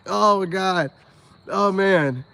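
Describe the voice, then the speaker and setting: Speaking slowly in a high, creaky voice that's bright, forceful, and smooth, this American self-help vlogger with a spiritual bent rambles casually to viewers. He laughs a lot and talks loosely in slang.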